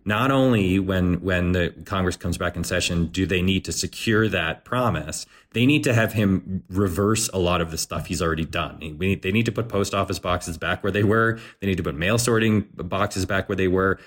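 A man's voice: low-pitched, moderate pace, few pauses, fairly bright tone. A man co-hosting a podcast, giving casual political commentary in an earnest, conversational way with playful quoted asides. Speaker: podcast co-host.

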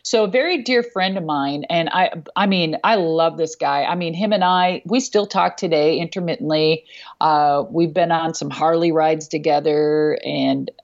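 A woman's voice: low-pitched, moderate pace, dull audio. A woman hosting her own talk show, telling wrestling stories in a casual, blunt way, swearing freely and laughing often. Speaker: show host and former wrestler. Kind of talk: casual chat.

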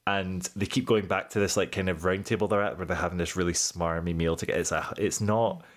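A man co-hosting a musical theatre podcast, chatting in an animated, rambling way and acting out other people's voices. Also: deep voice, fast talker. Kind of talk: casual podcast chat. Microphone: remote call.

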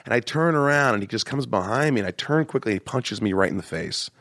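A man hosting a podcast, telling self-mocking stories in a casual, animated way and slipping into acted voices. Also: medium pitch, quick pace, no echo, clean studio sound. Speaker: podcast host. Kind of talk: casual storytelling chat.

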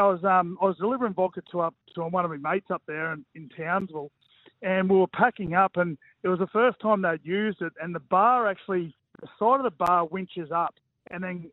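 Over a tinny, dry phone line, a high-pitched Australian man speaks briskly. He is a former rugby league player in his forties, guesting on radio in a casual, self-mocking manner packed with fillers.

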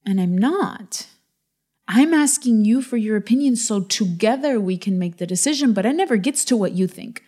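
Earnest woman in her thirties, mellow voice. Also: medium pitch, expressive, moderate pace. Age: 30s. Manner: earnest, pressing her point with quoted asides. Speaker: podcast co-host. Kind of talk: candid couple conversation.

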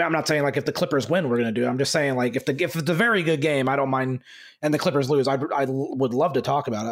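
A man hosting a basketball podcast, talking in an angry, halting way with many fillers and restarts. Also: mid-range voice. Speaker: podcast host. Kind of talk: casual podcast talk.

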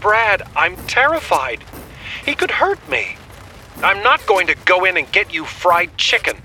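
Man voicing a frightened young woman, bright high voice, anxious, pleading. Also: very animated, a little slow, slight background noise, full character voice, poor audio.

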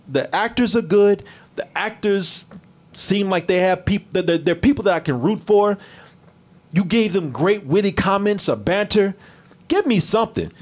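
A man reviewing a movie in casual chat with a live stream, animated and profane, mocking bad lines. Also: high voice.

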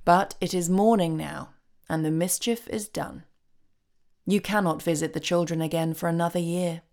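A woman voicing a soft-spoken, regretful male demon of repentance in a storybook reading, pleasant and pleading in tone. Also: fairly low pitch, fairly even intonation, normal speed, lightly acted.

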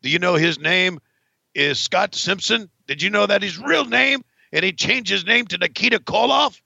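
A man doing a gravelly gloating villain wrestler. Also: high-pitched, moderate pace, pushed and bright, no room sound, muffled recording, full character voice. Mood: indignant. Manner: gloating, mocking, play-by-play of his own moves. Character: gloating villainous male Russian-gimmick wrestler, veteran.

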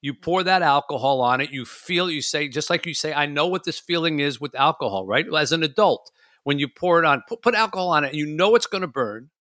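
Bright-voiced man in casual chat. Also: on the high side, a little fast, dry recording, studio quality. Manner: animated, acts out his inner voice.

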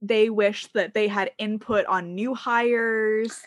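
Animated young woman, dry close sound. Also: mid-range voice, slow pace, no echo. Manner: animated, swearing, quoting others in mock voices. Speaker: podcast co-host. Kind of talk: casual gossip chat.

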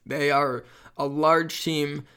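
A man hosting a casual sports talk show, running through statistics in a quick, laid-back way. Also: a little high, steady tone, bright, forceful tone, clear, resonant tone. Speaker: host.

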